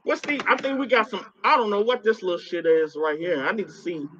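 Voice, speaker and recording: Cursing and taunting an unseen spirit live on stream, this man speaks in a fairly high, pushed, bright voice with a steady tone and brisk pace. He's profane and confrontational, repeating words as he heats up; the phone-mic audio is muffled and lo-fi with slight background noise.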